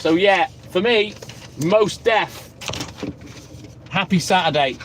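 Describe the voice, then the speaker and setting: A man with a high voice chats slowly with viewers in sweary, joking banter. He talks into a phone, and the steady rumble of a moving vehicle sits under him. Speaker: livestream host. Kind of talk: casual live-stream chat.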